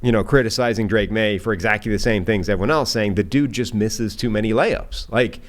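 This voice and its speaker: A man's voice: lowish voice, brisk. A man co-hosting a football podcast, chatting casually and thinking aloud with frequent "right?" tags. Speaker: podcast co-host, football analyst.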